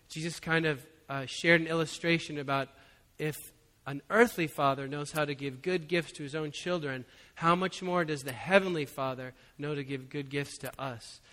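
Bright-voiced pastor in a reverberant hall. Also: male voice, a little high, moderate pace. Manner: conversational, chuckling, frequent "you know". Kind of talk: sermon with personal story.

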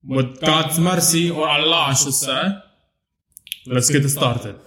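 Guy doing a put-on arabic accent, slow formal host, echoey room. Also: on the high side, fairly even intonation, pushed and bright. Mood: solemn. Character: earnest Middle Eastern podcast host greeting viewers.

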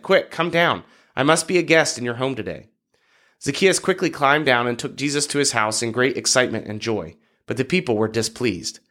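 A man reads Bible passages aloud in a mid-pitched voice, steady and measured. He lifts his voice briefly for shouted lines in the text. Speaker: podcast host reading scripture.

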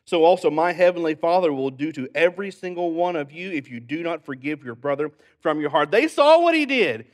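A male pastor preaching a sermon, telling stories with animated delivery and joking asides. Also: on the high side, brisk, few pauses. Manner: animated storytelling, jokey asides.

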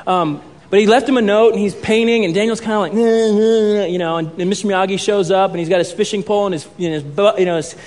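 A man preaching a sermon as pastor in a church hall, with a conversational, animated way of telling stories. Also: high voice, fast talker, hardly any pauses.

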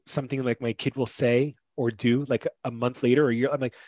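A man's voice: mid-range voice, level tone, fairly quick, darkish tone, no echo. A man who is a guest on a casual podcast, talking thoughtfully and loosely, with a lot of "like" fillers. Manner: casual, thoughtful, heavy use of "like".

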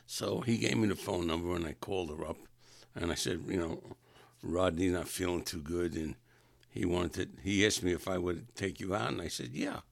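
A man's voice: low-pitched, a little fast, vocal fry, no echo. A man casually telling rambling personal anecdotes, often correcting himself mid-sentence. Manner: rambling, self-correcting, chuckling. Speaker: storyteller.

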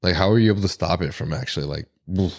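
A man's voice: deep voice, fast, creaky, darkish tone, dry recording, studio quality. A man hosting a podcast, easygoing in chat and reading out listener questions. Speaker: podcast host.

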